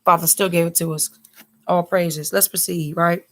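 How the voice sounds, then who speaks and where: A woman with a fairly low voice leads a casual Bible study in a chatty style, often drifting into quick asides. She becomes animated whenever she quotes someone.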